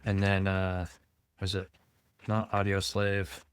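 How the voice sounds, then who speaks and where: A man's voice: low-pitched, completely flat delivery, slow pace, clean tone, dry recording, studio quality. A man hosting a casual podcast, easygoing and hesitant, searching for words with lots of ums. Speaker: podcast host.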